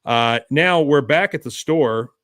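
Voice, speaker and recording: A man hosting a podcast, retelling a cartoon episode in casual chat with animated storytelling. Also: medium pitch, slow pace, no room sound, studio quality. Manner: animated storytelling, acts out voices. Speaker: podcast host.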